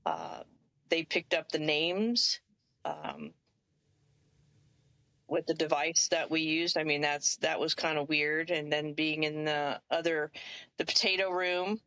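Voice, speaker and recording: A woman's voice: low voice, steady tone, takes it slowly, pauses often, bright, forceful tone, no echo. A woman guest recounting a ghost hunt hesitantly, searching for words. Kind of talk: casual group chat.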